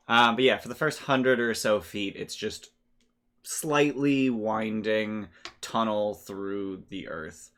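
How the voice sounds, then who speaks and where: A man narrating as game master in a relaxed, rambling way, his voice a bit worn. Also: on the low side, takes it slowly. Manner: relaxed, rambling, laughs often. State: losing his voice.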